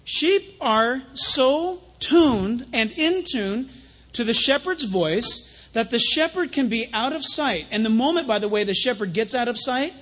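A man preaching a sermon in a conversational, animated way, telling stories between scripture. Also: very high voice, measured pace. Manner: conversational preaching with anecdotes, rising to animated emphasis.

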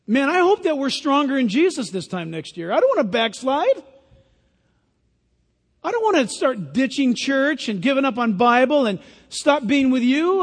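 A male pastor preaching a sermon in a church, earnest and emphatic, putting direct questions to the congregation. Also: extremely high pitch. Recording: long hall reverb.

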